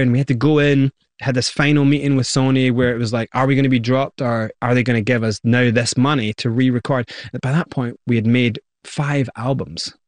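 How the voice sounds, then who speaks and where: A man's voice: medium pitch, no echo. Man telling a story. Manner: animated retelling, acts out quoted voices. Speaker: guest. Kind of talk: storytelling interview.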